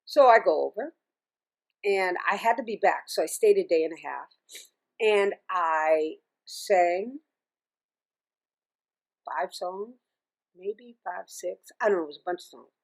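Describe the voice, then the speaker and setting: A middle-aged woman, a singer and music teacher, telling stories as an interview guest in a chatty, animated way, often laughing and restarting her sentences. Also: on the low side, unhurried, long pauses. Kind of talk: casual interview storytelling.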